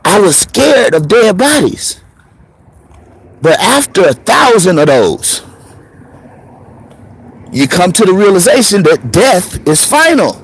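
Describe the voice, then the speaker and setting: A man in his thirties telling a story in a casual, profane monologue, laughing often and swinging between preacher-like highs and murmurs. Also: very animated, takes it slowly, pauses often, husky. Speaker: show host.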